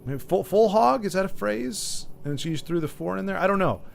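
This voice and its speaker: A man's voice: sits high, animated, fairly quick, gravelly. A man streaming a video game, joking and rambling as he chats with his viewers. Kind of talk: casual gaming commentary. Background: faint game music.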